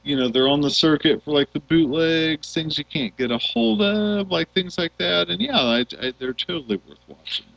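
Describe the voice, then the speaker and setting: A man's voice: on the high side, normal speed, creaky, few pauses, fairly bright tone, lo-fi sound. A man co-hosting a casual movie podcast, chatting eagerly about actors and their films. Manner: chatty, lists film credits eagerly. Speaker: podcast co-host.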